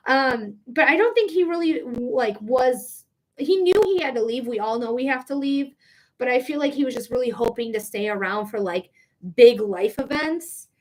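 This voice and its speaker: A woman with a high, bright-pitched voice gives a live-streamed psychic reading. She chats loosely, filling her speech with "like" and laughing easily. She is open with her feelings as she talks. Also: expressive, moderate pace. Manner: chatty, heavy use of "like", emotional and laughing. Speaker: psychic reader.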